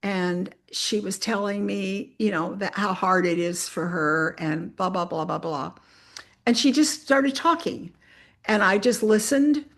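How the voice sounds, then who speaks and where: A woman's voice: medium pitch, a little slow. Earnest woman telling a testimony story. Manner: earnest, addresses listeners directly as "you guys"; animated retelling with spirited voiced quotes. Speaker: church missionary speaker.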